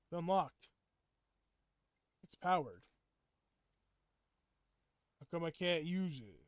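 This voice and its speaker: Chatty higher-voiced man streaming a game. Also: slow pace, clean tone, dry recording, clean studio sound. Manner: rambling, chatty, with excited outbursts. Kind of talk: casual gameplay chat with viewers.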